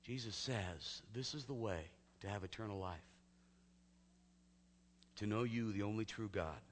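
A male pastor telling a personal story in a sermon, talking conversationally and often dropping to a hushed near-whisper. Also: lowish voice, a little slow, a little hiss or hum. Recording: long hall reverb.

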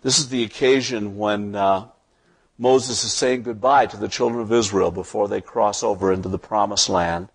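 A man's voice: lowish voice, fairly even intonation, moderate pace, vocal fry, breathy edge. A male pastor preaching a sermon, reading scripture aloud and building to impassioned emphasis.

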